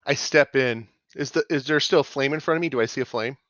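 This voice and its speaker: A man's voice: mid-range voice, quick pace, fairly bright tone, dry recording, dull audio. A man playing a tabletop game, asking earnest questions about what his character can do. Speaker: player.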